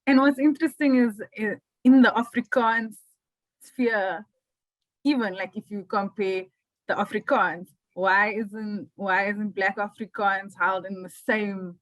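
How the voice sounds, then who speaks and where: A woman moderating a panel, asking her questions in a measured, hesitant way. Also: mid-range voice, fairly even intonation, dry recording, low-quality recording. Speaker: moderator, filmmaker. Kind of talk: panel discussion.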